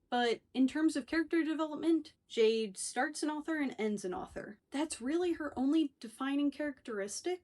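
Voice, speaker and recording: A woman's voice: high-pitched, a little mellow. A young woman casually reviewing books in a chatty, wry, loosely unscripted way. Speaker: book reviewer. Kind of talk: casual book review vlog.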